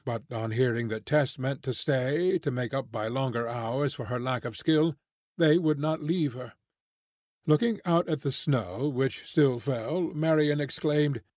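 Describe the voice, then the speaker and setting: A man reading a classic novel aloud as an audiobook narrator, measured and clear. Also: medium pitch, darkish tone, no room sound, studio quality.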